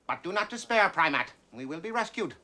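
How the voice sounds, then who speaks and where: A woman voicing a solemn commanding leader who reassures a captive in a deep, grave tone. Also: sing-song, fairly quick, sharp tone.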